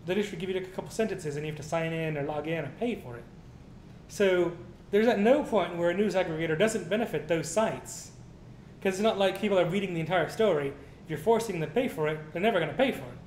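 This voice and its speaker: A man with a somewhat high voice ranting through a casual news commentary, swearing freely as he reads items aloud. The room is echoey. A faint rumble runs behind him. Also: fast, a little mellow. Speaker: co-host.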